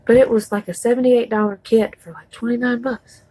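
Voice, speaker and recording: A woman's voice: a little high, fairly even intonation, fairly quick, warm tone, breathy edge, no echo, rough recording. A woman chatting casually through a makeup tutorial, rambling with folksy asides. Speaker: beauty vlogger.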